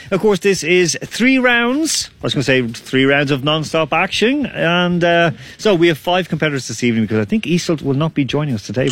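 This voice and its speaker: A man's voice: fairly high pitch, no room sound. A man hosting a casual online quiz, chatty and laughing often. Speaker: quiz host.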